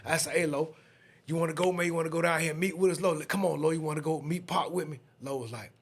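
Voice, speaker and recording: A man in his fifties with a Southern US accent, a podcast guest telling a story in a casual, lively way and acting out the other people in it. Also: fairly high pitch, fast, breathy edge. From Atlanta, USA.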